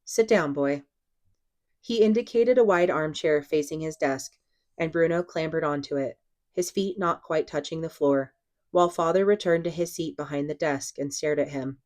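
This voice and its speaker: A woman reading a novel aloud in a steady, even narration. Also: low-pitched, normal speed. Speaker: audiobook reader.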